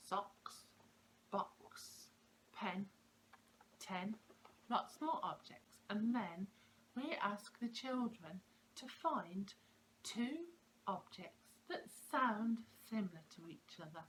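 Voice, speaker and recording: Slow-spoken woman explaining preschool lessons. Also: medium pitch, expressive, a little hiss or hum, poor audio. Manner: clear and slow, stressing sounds of words. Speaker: preschool teacher. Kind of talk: explaining classroom activities to parents.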